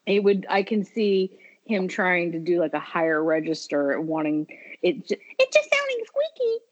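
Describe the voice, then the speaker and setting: A woman's voice: lowish voice, little pitch movement, moderate pace, muffled recording. A woman chatting casually and enthusiastically about a favorite film, with frequent restarts.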